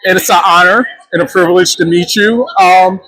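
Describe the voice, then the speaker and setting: A man's voice: high-pitched, fairly even intonation, brisk, bright, forceful tone, low-quality recording. A man interviewing a guest at a convention, enthusiastic and admiring. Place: pop culture convention.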